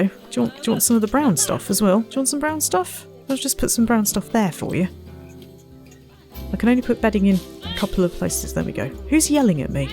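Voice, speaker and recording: A woman's voice: mid-range voice, big pitch swings, fairly quick, mellow, faint music behind. A woman giving casual gameplay commentary, chatty and self-mocking, muttering to herself and the animals. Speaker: let's play gamer.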